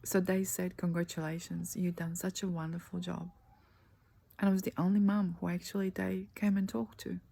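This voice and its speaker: Speaking on the low side in a level tone, a dark-voiced female life coach offers soft motivational coaching. Her manner is earnest, slow and emphatic, often dropping into a breathy near-whisper, captured on poor audio with faint background noise.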